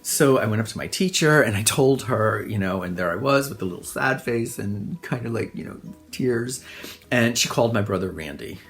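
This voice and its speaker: A middle-aged man telling funny childhood stories in a relaxed monologue, self-deprecating and often laughing. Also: lowish voice, normal speed, faint music behind. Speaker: host. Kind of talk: casual storytelling monologue.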